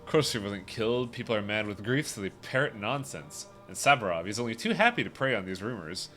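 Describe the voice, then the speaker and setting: A world-weary townswoman from a bleak video game, read aloud by a man. Her voice sits low and bright-edged, grim and measured, laying out who holds power in town as plain fact. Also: very animated, soft background music.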